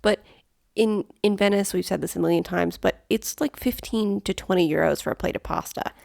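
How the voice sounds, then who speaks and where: Female podcast co-host, lowish gravelly voice, dry booth sound, practical and plain-spoken. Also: fairly quick, a little mellow, dry recording. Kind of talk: casual chat.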